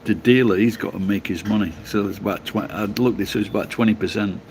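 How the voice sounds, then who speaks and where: A man's voice: lowish voice, steady tone, quick pace, darkish tone, slight background noise. Blunt, sweary Yorkshire man. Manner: blunt, sweary, laughs at himself. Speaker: livestreamer reading chat. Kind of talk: casual live chat.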